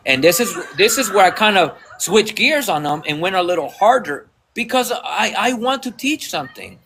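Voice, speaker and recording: A man hosting a livestream podcast who retells a story in a blunt, lecturing way, with quick Spanish asides. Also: sits high, very animated, background noise. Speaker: podcast host.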